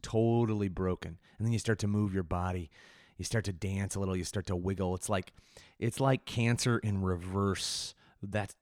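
Man, podcast host, lowish voice, dry close sound, rambling, self-mocking, irreverent. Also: no echo. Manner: restless delivery with frequent restarts and sudden jumps in energy. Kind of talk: solo podcast monologue.

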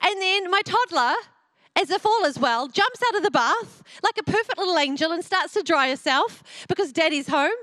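A middle-aged woman with a high voice preaches a sermon, moving into lively storytelling about her family. The recording is close and dry, with no room sound. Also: moderate pace, dry recording.

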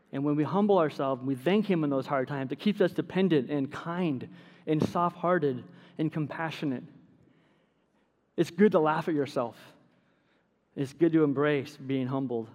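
A middle-aged man preaching a sermon as pastor, telling stories with self-deprecating humor. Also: on the high side. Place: church sanctuary. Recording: long hall reverb.

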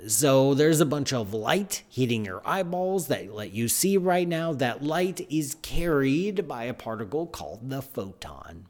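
A man hosting a live science show, talking in an excitable, animated, chatty way. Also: mid-range voice, measured pace, hardly any pauses. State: out of breath. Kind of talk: live-stream science talk.

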